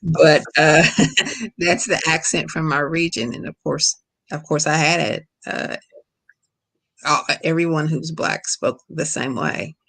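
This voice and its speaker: A middle-aged woman from Kentucky with a Kentucky accent, an author answering questions over a video call in a relaxed, storytelling way. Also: low-pitched, slow, gravelly. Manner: relaxed, storytelling, laughs easily. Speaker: guest author. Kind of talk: casual lecture Q&A.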